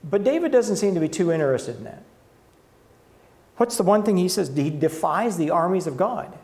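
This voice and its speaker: A man teaching a Bible lesson, reading scripture aloud and commenting, often halting and correcting himself. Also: sits high, lively intonation, a little mellow.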